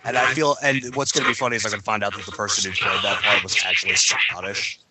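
A man's voice: lowish voice, steady tone, fast talker, heavy background noise. A man co-hosting a casual podcast chat with wry, joking asides.

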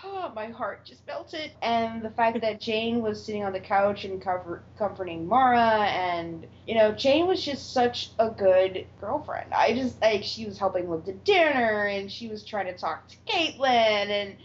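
A woman's voice: medium pitch, moderate pace, hardly any pauses. A woman co-hosting a casual chat about a TV episode, acting out characters' lines and laughing often. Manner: animated, acts out quoted lines, laughs often. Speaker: podcast co-host. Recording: dull lo-fi sound with faint noise.

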